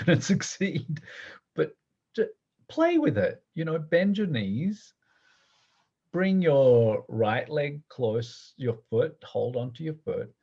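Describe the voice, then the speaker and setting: A man teaching a guided movement class, giving gentle, playful instructions and often laughing. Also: medium pitch, husky, highs cut off.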